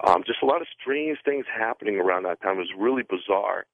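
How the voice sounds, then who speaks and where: Low-voiced male caller on a phone line. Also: expressive, gravelly, no room sound. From US Pacific Northwest. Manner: halting, repeats words and restarts while telling a story. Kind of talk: telling a story on a call-in radio show. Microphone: telephone.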